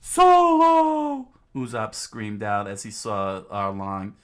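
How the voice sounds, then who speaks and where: A man casually reading a manga aloud, halting often with fillers and restarts. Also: on the low side, level tone, a bit bright. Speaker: reader.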